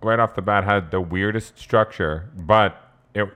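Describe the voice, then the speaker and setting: A man co-hosting a casual movie podcast, chatting and explaining quickly. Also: fairly low pitch, fairly bright tone. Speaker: podcast co-host. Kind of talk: casual chat.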